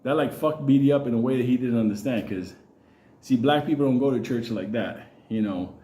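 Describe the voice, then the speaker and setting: A man's voice: mid-range voice, brisk, warm tone. Foul-mouthed rambling man, echoey room. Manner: profanity-heavy and rambling, often laughing. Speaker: channel host. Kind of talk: profane personal storytelling.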